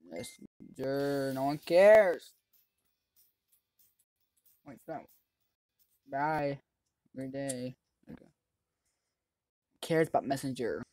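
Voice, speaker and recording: Excitable let's-play host, chatty commentary with sudden yelling, mid pitch, dry close mic. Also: extremely slow, pauses often, no room sound. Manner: excitable, yells at other players; chatty running commentary on the game. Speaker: gaming channel host.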